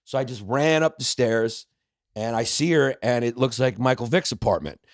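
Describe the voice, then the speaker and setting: A man in his forties, a comedian guest on a podcast, telling stories with quick joking riffs. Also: mid-range voice, no room sound, studio quality. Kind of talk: casual storytelling chat.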